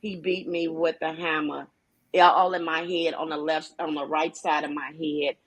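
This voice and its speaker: A woman guest telling her own story on a talk show, speaking hesitantly with many restarts and pauses. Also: deep voice, flat delivery. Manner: hesitant, with frequent restarts and fillers. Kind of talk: personal testimony on a talk show.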